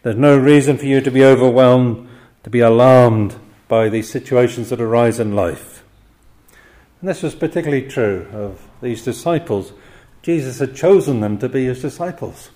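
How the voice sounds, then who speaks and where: A man's voice: mid-range voice, normal speed, dark tone. An older man preaching an expository sermon, often chuckling between points and voicing the quoted cries with drama.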